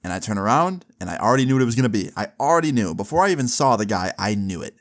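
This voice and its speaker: A young man in his twenties tells a funny story in a loose, casual way. He is animated and comic, and he swears often. His voice sits at a middle pitch. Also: rapid-fire.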